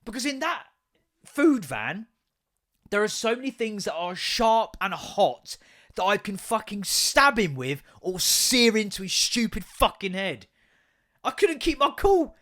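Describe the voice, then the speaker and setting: A man's voice: high-pitched, big pitch swings, unhurried, sharp tone. An English man hosting a podcast, ranting casually, swearing a lot and laughing often. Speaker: podcast host. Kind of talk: casual comedic rant.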